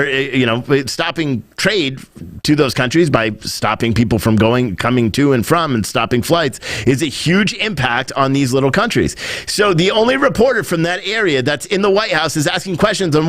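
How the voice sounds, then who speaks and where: Male podcast host, rambling and opinionated, pitched a bit high, with a dry close-mic sound. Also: moderate pace, dry recording. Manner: animated, rambling, mimics others in quotes. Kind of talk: opinionated commentary.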